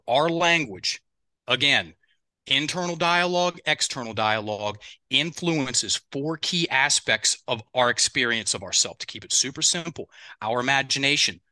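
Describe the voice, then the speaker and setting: Recorded dry and close on a headset mic with no room sound, a middle-aged man with a very bright, tense, medium-pitched voice appears as an expert podcast guest. He's animated in his storytelling, imitates other people's words, and addresses the audience directly.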